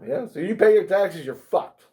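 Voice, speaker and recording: Profane, animated man telling a story. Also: sits high, normal speed. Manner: profane, animated, heavy swearing. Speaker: guest. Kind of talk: casual storytelling.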